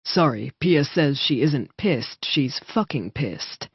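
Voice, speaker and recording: A woman reading voicing a gruff male wolf-shifter soldier who talks bluntly and swears, on a slightly muffled recording. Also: a bass voice, animated, moderate pace, no echo, heavily acted.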